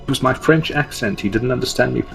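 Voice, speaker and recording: A man in a gaming voice chat with a dry sarcastic wit, calmly explaining team plans. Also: mid-range voice, fast, vocal fry, faint music behind, poor audio. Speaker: gamer organizing a team campaign.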